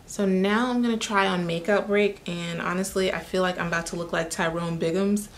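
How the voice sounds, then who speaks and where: Young woman beauty vlogger, slightly low voice, chatty and sassy, faint room hum behind. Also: brisk. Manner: chatty, animated, sassy asides. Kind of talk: casual try-on review.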